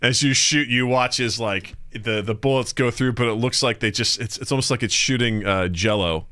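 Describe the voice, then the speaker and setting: A man narrating a comedic tabletop game as game master, lively storytelling that bursts into shouted character voices. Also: mid-range voice, moderate pace, no room sound, clean studio sound.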